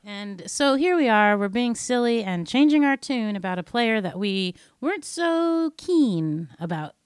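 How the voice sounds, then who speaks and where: A woman's voice: on the high side, lively intonation, moderate pace, clean tone, no room sound, clean studio sound. A woman from New England with an American accent, co-hosting a podcast in chatty talk with frequent laughter. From New England, USA. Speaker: podcast co-host. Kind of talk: casual chat.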